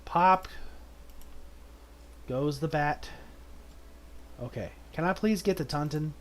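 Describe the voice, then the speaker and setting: A man in a relaxed, slow-paced gameplay commentary, his voice sitting a little higher than most men's. He reads the on-screen text aloud at an unhurried clip, then jumps into loud, excited reactions. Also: slight background noise. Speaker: game streamer.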